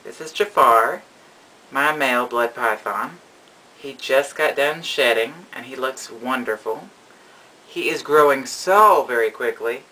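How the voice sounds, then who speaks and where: Man, casual vlog narration, rambling, affectionate, bright tone, medium pitch. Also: measured pace, a little hiss or hum, low-quality recording. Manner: rambling and affectionate, coos at his pets. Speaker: reptile keeper.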